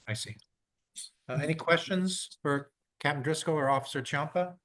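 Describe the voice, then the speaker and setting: A man chairs a community meeting. He speaks in a friendly, halting way with many fillers. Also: a little high, a bit bright.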